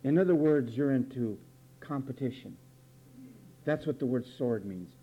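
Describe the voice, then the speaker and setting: A man's voice: mid-range voice, moderate pace. A man preaching a sermon, emphatic and repetitive, pressing word meanings with rhetorical questions. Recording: dull lo-fi recording.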